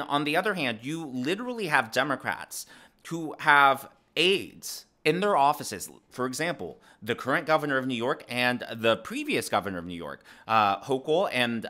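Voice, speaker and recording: A man's voice: medium pitch, normal speed. A young man raised in the American South giving casual political commentary to his viewers, with lots of fillers and restarts. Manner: animated, frequent fillers and restarts.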